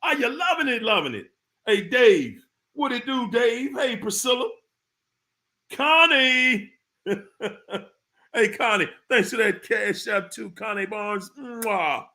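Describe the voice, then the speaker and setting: A man's voice: high voice, expressive, measured pace, pushed and bright. A man hosting a livestream who greets viewers by name, hyped and whooping now and then. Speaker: livestream host. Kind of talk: live chat shout-outs.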